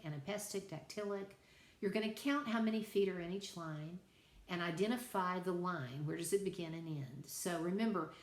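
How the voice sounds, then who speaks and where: A middle-aged woman teaching a college writing class in a chatty, conversational lecture style with asides to her students. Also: on the low side. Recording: echoey room.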